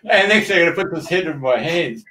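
A man with an Australian accent, a radio host telling a dream story in casual chat, animated and laughing as he talks. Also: a little high, fairly quick, distant mic, noisy background.

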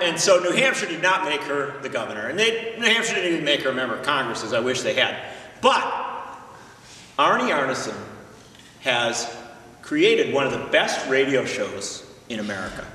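A man speaks with animated, chatty energy as he introduces a guest to a live audience. His voice sits high and bright. It carries long hall echo and is caught from a distance. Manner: animated, chatty, uses fillers like "like". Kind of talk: enthusiastic storytelling at a live event. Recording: echoey hall from far off.

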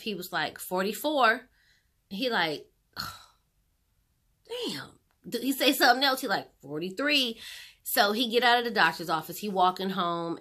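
A woman chatting casually as she retells a short film's plot for her viewers, talking straight to them in a lively, animated way. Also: mid-range voice. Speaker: commentary host. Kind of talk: casual movie recap commentary.

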